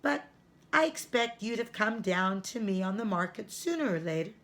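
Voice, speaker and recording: A woman's voice: medium pitch, expressive, normal speed, fairly bright tone. A woman reading aloud, voicing a kind elderly man who sells flowers, friendly and chuckling. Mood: warm, amused. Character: elderly male flower seller, kind, foreign-sounding.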